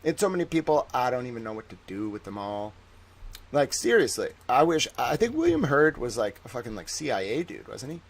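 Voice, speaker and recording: A man streaming live, reading profiles aloud and ranting with excitable, profane mock outrage. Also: mid-range voice, fairly quick. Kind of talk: live-stream commentary while reading online.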